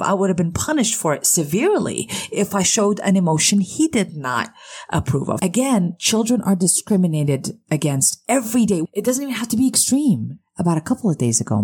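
Husky-voiced earnest woman talking. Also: fairly low pitch, a little mellow. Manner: earnest, with frequent restarts and acted-out quotes. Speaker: parenting podcast host. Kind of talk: reflective solo talk.

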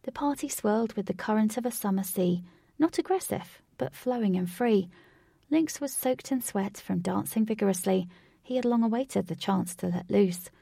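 A woman narrating a storybook in a steady, expressive reading voice. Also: medium pitch, normal speed, vocal fry, dry recording, clean studio sound. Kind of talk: storybook read-aloud narration.

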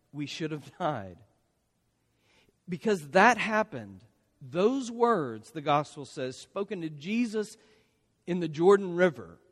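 A man's voice: fairly high pitch, big-room sound. A man preaching a sermon in a conversational way, often checking in with his listeners by asking "right?". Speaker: pastor.

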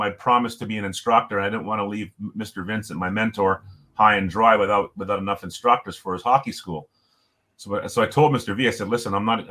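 A man's voice: lowish voice, sharp tone. Man telling a rambling hockey story. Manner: rambling, repeats words and restarts often. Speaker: former college hockey player telling his story. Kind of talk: casual storytelling.

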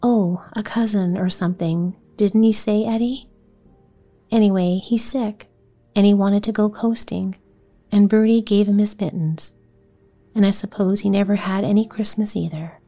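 A woman voicing an eager, excitable little girl in a storybook reading. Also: medium pitch, moderate pace, faint music behind, close to an everyday voice.

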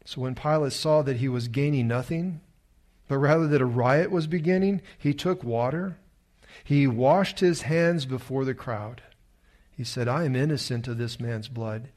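A man reading a scripture lesson aloud in church and then leading a discussion, in a measured way. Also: medium pitch. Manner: measured, voices the crowd's shouts in the reading. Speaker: scripture reader and discussion leader.

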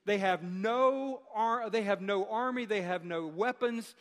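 A man preaching a sermon as pastor, speaking emphatically with dramatic pauses and rhetorical questions. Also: high voice, a bit bright, in a large hall.

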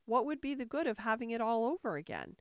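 A flustered old queen from a storybook, squeaky shrieks, voice leaps all over the place, dry close sound. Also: sing-song, fast, no echo. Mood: fussing. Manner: shrill squeaky screams and fretful wailing.

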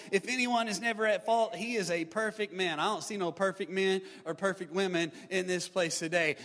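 A male pastor giving a live sermon, building to shouted emphasis with repeated refrains. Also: high-pitched, steady tone, fairly quick, hardly any pauses. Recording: live sermon in reverberant hall.

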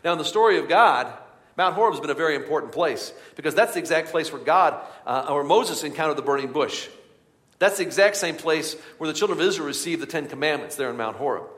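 A man delivers a sermon in a church with a slightly high voice. He swings from quiet, hushed passages to loud and urgent ones, and the sound rings with long hall reverb. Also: animated, quick pace. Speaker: pastor. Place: church sanctuary.

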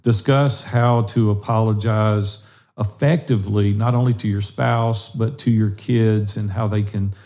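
Speaking straight to listeners, a male podcast co-host earnestly urges and encourages them. His voice is mellow and on the low side, with fairly even intonation and a slightly slow pace.

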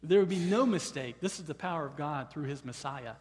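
A man preaching a sermon. He often repeats words as he starts a phrase, and at times he rises to loud, high-pitched proclamation. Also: expressive, brisk, big-room sound. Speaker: pastor.

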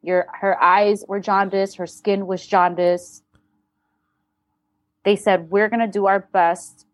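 A woman's voice: medium pitch, flat delivery, takes it slowly, dry recording. A woman talking as an interview guest, telling a personal story candidly and bluntly, with swearing and re-enacted dialogue.

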